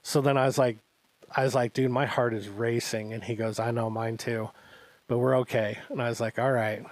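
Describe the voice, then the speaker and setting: A man telling a story on his podcast, relaxed and chatty. He acts out each line of dialogue as he goes. His voice sits in a middle range, and the recording is close and dry. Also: medium pitch, moderate pace, no echo. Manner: animated anecdote-telling with acted-out quotes. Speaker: podcast co-host. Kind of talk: casual storytelling chat.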